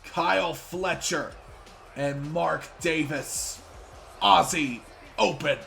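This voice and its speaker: A man giving play-by-play wrestling commentary for a video game series, with excitable announcer hype. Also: a little high, takes it slowly, vocal fry, faint music behind.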